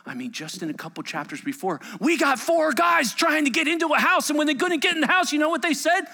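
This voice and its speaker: Animated, bright-voiced male preacher. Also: very high-pitched, quick pace, vocal fry. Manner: animated storytelling, acts out voices, swings from loud to hushed. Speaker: pastor. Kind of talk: sermon.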